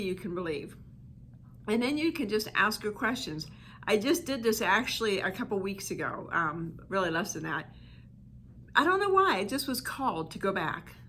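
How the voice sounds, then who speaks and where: Woman, healing coach, casual reflective talk with many asides, bright voice. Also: mid-range voice, slight background noise. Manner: conversational, full of "you know" asides. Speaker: inner child healing coach.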